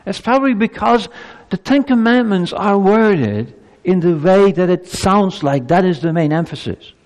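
A man's voice: high-pitched, lively intonation, normal speed, darkish tone, long reverb tail. A male pastor preaching a sermon to his congregation, asking emphatic rhetorical questions. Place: church.

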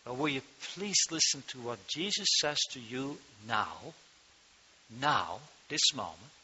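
Slow, forceful preaching man, lo-fi. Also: medium pitch, animated, a little hiss or hum. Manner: slow, emphatic preaching that swells loud on key words. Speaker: pastor. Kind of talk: sermon. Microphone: microphone. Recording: dull lo-fi sound.

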